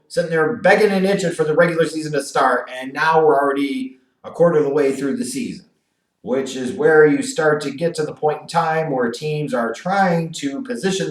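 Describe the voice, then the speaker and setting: An animated man previews a football game, tossing in crude sarcastic asides. His voice is mid-pitched and sits a little off the mic. The room gives it a noticeable echo. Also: far from the mic. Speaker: sports commentator. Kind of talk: solo football preview video.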